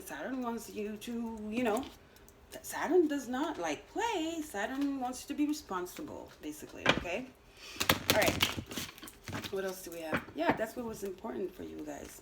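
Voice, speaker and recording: A woman's voice: mid-range voice, heavy background noise. A woman giving a casual astrology and tarot energy reading, talking straight to her viewers in a chatty, teasing way with lots of fillers and little laughs. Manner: chatty, teasing, full of "you know" fillers, laughs at herself.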